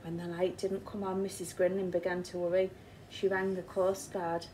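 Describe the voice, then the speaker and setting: A woman's voice: fairly low pitch, level tone, normal speed, dark tone, a little hiss or hum, rough recording. A woman teacher with an English accent reading a picture book aloud to children and asking them questions along the way. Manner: asks the listening children questions. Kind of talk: storybook read-aloud.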